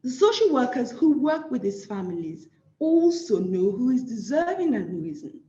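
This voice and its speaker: A woman's voice: sits high, warm tone, roomy sound, dull audio. A woman with a Nigerian accent giving an award lecture, emphatic and repeating phrases for stress.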